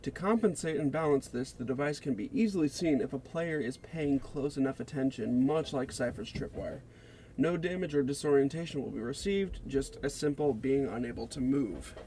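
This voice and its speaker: A man's voice: mid-range voice, warm tone. Guy reading his game character idea off notes, mid voice, faint hiss behind. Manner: deliberate, scripted reading. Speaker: game fan presenting a character concept. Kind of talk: read-aloud character pitch.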